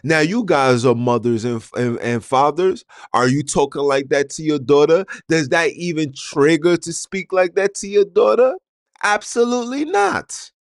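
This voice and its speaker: A man's voice: on the high side, normal speed, hardly any pauses, dry recording, studio quality. A man hosting a podcast, delivering an argumentative monologue full of rhetorical questions that he puts straight to his listeners. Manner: addresses listeners directly. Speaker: podcast host.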